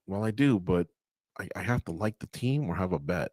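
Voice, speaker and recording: Fairly low in pitch yet lively in intonation, this man talks briskly on a dry studio recording. He co-hosts a sports radio program in a relaxed, storytelling way, acting out what people said and chuckling at his own humor.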